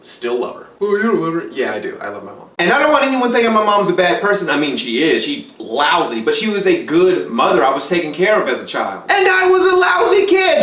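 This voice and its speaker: A man's voice: sits high, fairly bright tone, far from the mic. A man from Texas giving a blunt, profane, darkly joking confessional monologue to the camera. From Texas, USA. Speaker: vlogger. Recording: roomy echo, away from mic.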